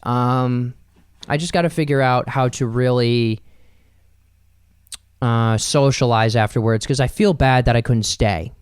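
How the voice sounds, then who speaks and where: Young guy doing a solo podcast, rambly and loose, smooth clear voice, dry close sound. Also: medium pitch, darkish tone, dry recording. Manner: rambling and loose, with frequent fillers and swearing. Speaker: podcast host. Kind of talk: casual solo podcast monologue.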